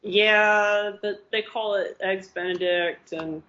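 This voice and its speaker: A woman co-hosting a casual podcast chat, excitable and quick to swear, often restarting her sentences. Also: medium pitch, a little hiss or hum. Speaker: podcast co-host. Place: living in Australia. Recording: slightly dull lo-fi podcast audio.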